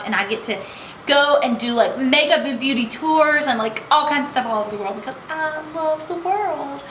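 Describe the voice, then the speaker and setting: A woman's voice: high-pitched, fairly bright tone. A young American woman vlogging casually, gushing and bubbly, full of "like" and "oh my gosh". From United States. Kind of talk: casual travel storytime vlog. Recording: echoey room with faint background noise.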